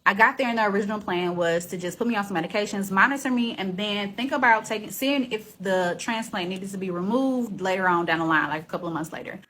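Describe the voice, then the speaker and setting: A woman's voice: medium pitch, quick pace, few pauses, fairly bright tone, a little hiss or hum. A woman vlogger telling her personal story in a casual, heartfelt way, then urging listeners to keep going like a preacher. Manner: earnest and encouraging, casual and heartfelt. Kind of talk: personal testimony vlog.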